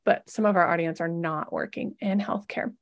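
Woman host, former nurse, chatty interviewer, noticeable vocal fry. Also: lowish voice, steady tone, normal speed. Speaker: podcast host, labor and delivery nurse. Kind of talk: casual podcast conversation.

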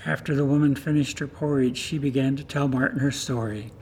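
A man reading a story aloud during a church service in a steady, plain storytelling manner. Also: medium pitch, brisk, hardly any pauses, a little hiss or hum.

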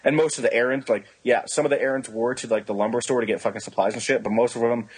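A man's voice: medium pitch, steady tone, fast talker, breathy edge, poor audio. A man in his twenties telling rambling, profane stories as a podcast co-host, acting out the voices of people he quotes. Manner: rambling storytelling, heavy swearing, acts out quoted voices. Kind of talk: casual chat.

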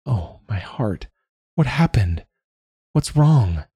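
A man's voice: medium pitch, sing-song, slow, slightly rough, no room sound, pitched above the performer's own voice, exaggerated voice. A man voicing a young witch woman who murmurs tenderly and soothingly. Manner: soft murmuring.

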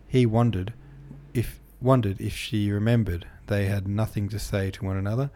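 Guy reading an old novel aloud, low mellow voice, steady pace. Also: a little hiss or hum. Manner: steady, measured reading with small slips. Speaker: audiobook narrator.

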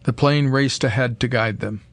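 A man reads a pulp adventure story in a steady, measured way. His voice sits at an ordinary middle pitch and sounds close and dry, with no room around it. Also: no echo. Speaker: audiobook narrator. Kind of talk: scripted narration.

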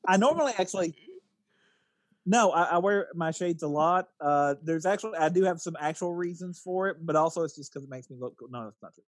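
A man's voice: on the high side, fairly quick, dry recording. A man, co-host on a podcast, stammering and joking as he chats. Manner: stammering, joking, laughs often. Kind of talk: casual chat.

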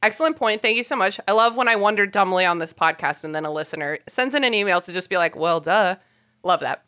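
A woman's voice: mid-range voice, fast talker, pushed and bright. A woman co-hosting a casual podcast, reading a listener email aloud with giggles and self-mocking swearing. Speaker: podcast co-host.

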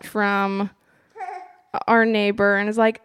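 A young woman co-hosting a casual chat, animated and laughing often as she tells a story. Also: mid-range voice, takes it slowly, clean tone. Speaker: podcast co-host.

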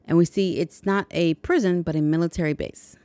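A woman's voice: on the low side, fairly even intonation, fairly quick, warm tone, no room sound. A woman hosting a podcast, casually retelling a movie's plot with chatty, jokey asides. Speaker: podcast host.

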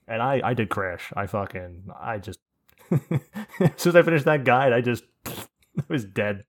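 A man's voice: mid-range voice, normal speed. A man hosting a podcast in casual chat, telling rambling stories with swearing and laughs. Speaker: podcast host.

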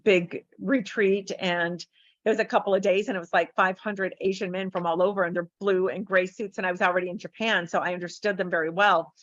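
A woman's voice: lowish voice, brisk, dry recording, dull audio. A woman from San Diego, a therapist and speaker, telling stories in a casual interview and acting out the voices of people in them. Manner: animated storyteller acting out quoted voices.

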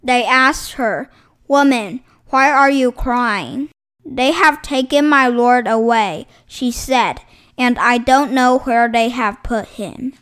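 A woman reading Bible passages aloud in a slow, formal, measured way, setting each phrase apart. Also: a little high, a bit bright. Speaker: scripture reader.

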